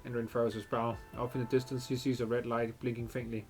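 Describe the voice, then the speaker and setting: A man's voice: medium pitch, flat delivery, fast talker, darkish tone, soft background music. A young man reading a game's narration aloud while he plays, with profane outbursts between lines. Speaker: gamer reading a story aloud. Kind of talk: reading game text aloud while playing.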